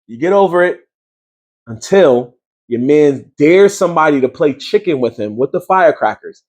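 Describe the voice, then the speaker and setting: New man, higher voice, slangy incredulous recap rant, host reviewer. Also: expressive, normal speed, a little mellow. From New York. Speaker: show reviewer.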